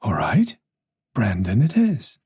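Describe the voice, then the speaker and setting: A man's voice: on the low side, huge pitch swings, a little mellow, slightly rough, dry recording, studio quality, pitched below the performer's own voice, full character voice. A man doing a gossipy older woman with a faint Dublin lilt. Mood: chatty. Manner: gossipy, teasing, talks on quickly. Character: chatty, observant older woman neighbour.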